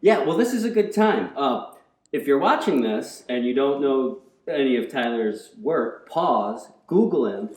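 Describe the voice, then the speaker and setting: Man, comedy show host, lively pitch, playful, roomy echo. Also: measured pace. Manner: joking, playful interjections. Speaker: podcast host. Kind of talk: casual comedy chat. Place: bedroom. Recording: echoey room.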